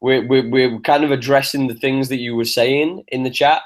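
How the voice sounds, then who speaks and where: A man's voice: mid-range voice, fairly even intonation, moderate pace. A young man co-hosting a podcast, ranting in an exasperated, profane, teasing way. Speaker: podcast co-host. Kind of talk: casual chat.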